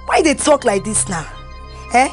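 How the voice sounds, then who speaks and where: An actress playing a boastful young woman who brags loudly in sing-song Nigerian Pidgin English in a Nollywood home-video drama. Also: a little high, lively intonation, normal speed, music in the background, natural voice. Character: boastful young woman bragging about her admission letter. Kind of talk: Nollywood film acting.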